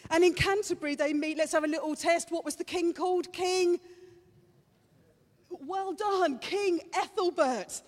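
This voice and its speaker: A woman's voice: extremely high pitch, unhurried. A woman preacher giving a chatty, playful sermon to a congregation, teasing them as she goes. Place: church hall. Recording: reverberant hall.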